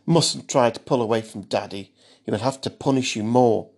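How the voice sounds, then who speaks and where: A sinister grown man murmurs with false, fatherly sweetness, leering and cooing as he corners his prey, put on by a male storyteller. The voice stays soft and gloating, like a predator pretending to be gentle. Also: medium pitch, moderate pace, lightly acted. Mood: menacing. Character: menacing well-dressed man, cooing predator.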